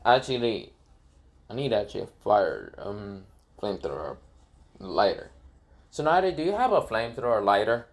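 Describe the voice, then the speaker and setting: A man's voice: lowish voice, very animated, moderate pace, long pauses. Man doing a brash young ninja. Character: cocky young male ninja.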